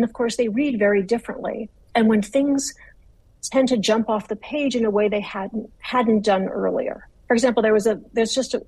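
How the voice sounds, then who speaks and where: Husky, gravelly-voiced woman author. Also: medium pitch, darkish tone, dry recording, low-quality recording. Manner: articulate, measured, with frequent restarts. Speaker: author, interview guest. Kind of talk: thoughtful interview answers.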